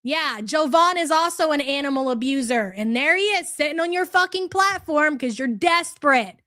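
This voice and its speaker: A woman's voice: sits high, expressive, normal speed, bright, forceful tone, no echo, clean studio sound. A woman hosting a livestream, ranting aggressively with heavy swearing and sarcasm. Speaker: livestream commentary host. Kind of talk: profane livestream rant.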